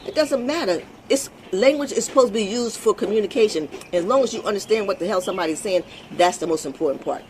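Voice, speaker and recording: A woman's voice: medium pitch, animated, fast, hardly any pauses, darkish tone, slight background noise. A woman hosting her own vlog, talking bluntly and emphatically in an unscripted monologue, swearing freely and repeating words as she restarts. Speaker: vlog host.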